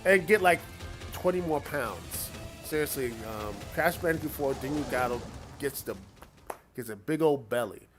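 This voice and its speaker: A man streams a video game with its music playing behind him, chatting casually and rambling with many fillers. His voice sits on the high side, with lively intonation at a normal speed.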